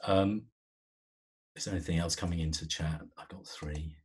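A man's voice: a bass voice, steady tone, moderate pace, pauses often, breathy edge. A man giving a live webinar on presenting skills, talking conversationally with frequent fillers and restarts.

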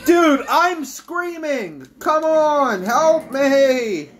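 A woman giving let's-play commentary, excitable, swinging from low mutters to shrieks and screams. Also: very slow. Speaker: gamer.

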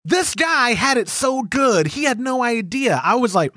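A lively man with a high voice that swings up and down as he tells stories. He sounds dry and close to the mic, chatting casually and laughing on a podcast. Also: measured pace, hardly any pauses, no echo. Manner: animated storyteller, acts out quotes, laughs often. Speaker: podcast co-host. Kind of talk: casual banter.

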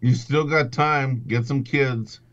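A man panelist chatting casually with calm, brief replies. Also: mid-range voice, slow pace, highs cut off, very noisy. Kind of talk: casual chat.

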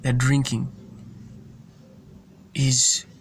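A man's voice: mid-range voice, monotone, extremely slow, slight background noise. Earnest man preaching with restarts. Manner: earnest, repetitive, stumbles and restarts. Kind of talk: informal sermon.

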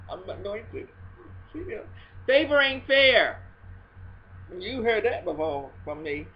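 A woman talking in a casual faith video blog, expressive and swinging between hushed and loud. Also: medium pitch, dull audio.

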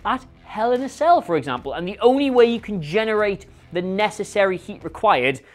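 A man hosting a scripted wrestling rumour show, talking in a sarcastic, animated, rhetorical way. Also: high-pitched, a little fast. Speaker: host.

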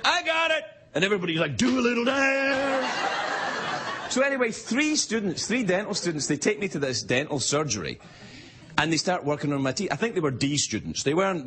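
Animated Scottish man telling a monologue. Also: a little high, heavy background noise. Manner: animated storytelling with playful voices for quoted people. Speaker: late-night talk show host. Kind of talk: stand-up monologue. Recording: studio with loud audience laughter. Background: live studio audience laughing.

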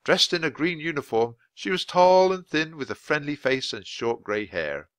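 A man reading a children's chapter book aloud for English learners, in clear, expressive storytelling. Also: on the high side, moderate pace, no echo. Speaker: audiobook reader.

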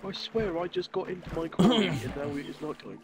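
A man's voice: sits high, expressive, brisk. A man playing a game with a friend on stream, chatting casually, joking and singing along. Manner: playful, sings along and jokes. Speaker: friend and fellow player. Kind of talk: casual gaming chat. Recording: music playing under the voice.

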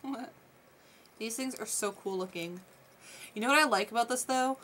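A woman vlogging a toy unboxing in a casual, gushing, excitable chat at her desk. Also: on the high side, moderate pace, slight background noise. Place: desk at home.

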